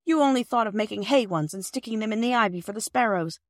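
A woman's voice: mid-range voice, animated, fast, dry recording, studio quality, voice pushed up, lightly acted. A woman reading as a smug, know-it-all boy. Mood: lecturing. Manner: lecturing, self-righteous. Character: know-it-all young boy, big brother.

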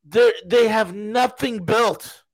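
A man co-hosting a casual political podcast, talking in an animated, mocking way and ranting with scorn. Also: high voice, takes it slowly, rough recording. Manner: animated, mocking, puts on comic accents. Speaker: podcast co-host.

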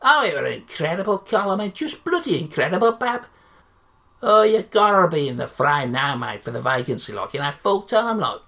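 A woman's voice: deep voice, big pitch swings, moderate pace, gravelly, fairly bright tone. A woman rambling chattily through a comic monologue.

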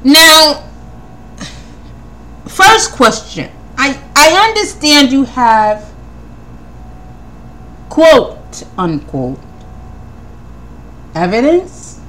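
A woman hosting a podcast, talking through her notes in casual commentary, firing off one pointed question after another and often repeating her words. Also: sits high. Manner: animated, rapid-fire questioning, repeats words; preacherly Christian tone. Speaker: podcast host.

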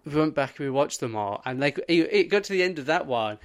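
A young man co-hosting a podcast, telling an animated story in casual chat and swearing often. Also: a little high, fast talker. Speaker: podcast co-host.

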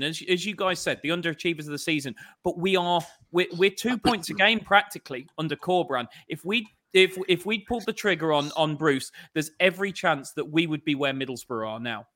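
Bright-voiced man ranting about football. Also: a little high, brisk, few pauses. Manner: frustrated, ranting about his club's board. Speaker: football podcast panelist. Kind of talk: casual chat.

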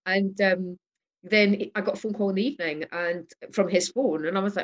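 A woman in casual chat as a guest on a video call, candid and quick to laugh, with the odd light swear. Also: on the low side, fairly even intonation, lo-fi sound.

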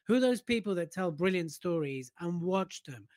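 A man's voice: sits high, animated, normal speed, a little mellow, no room sound, studio quality. Playful man coaching on public speaking. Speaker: podcast co-host. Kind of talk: casual coaching chat.

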